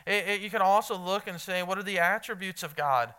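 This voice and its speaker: Bright-voiced male pastor preaching earnestly. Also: high-pitched, brisk, hardly any pauses, smooth. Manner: earnest preaching with emphatic repetition; talks directly to listeners in the room. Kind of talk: sermon.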